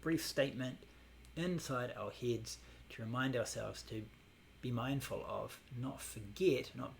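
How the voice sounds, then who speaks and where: A man teaching a Buddhist meditation class, explaining in a relaxed way with many fillers. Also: mid-range voice, measured pace, vocal fry, a little hiss or hum.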